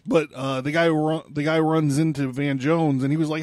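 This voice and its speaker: A man hosts a podcast alone, talking in a rambling, sarcastic way and swearing often. His voice sits a little high for a man. The sound is close and dry, with no room in it. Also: animated, normal speed, dry recording. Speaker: podcast host. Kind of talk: casual monologue.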